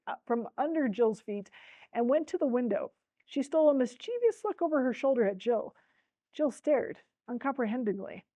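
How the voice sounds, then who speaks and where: A woman's voice: on the high side, dark tone, no echo, poor audio. A woman presenting a book talk, reading a storybook aloud with expression and speaking directly to her listeners. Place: library talk.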